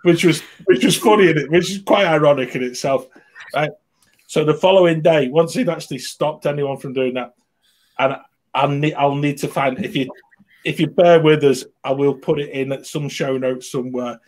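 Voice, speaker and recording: A man's voice: fairly high pitch, normal speed, a little mellow. A man co-hosting a casual group chat, rambling and correcting himself as he talks. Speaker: podcast co-host.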